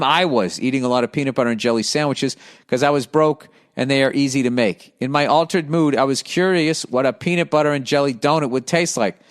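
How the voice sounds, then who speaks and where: A middle-aged man hosting a podcast, reading listener mail and riffing on it in a profane, sarcastic rant. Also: mid-range voice. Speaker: comedian podcast host.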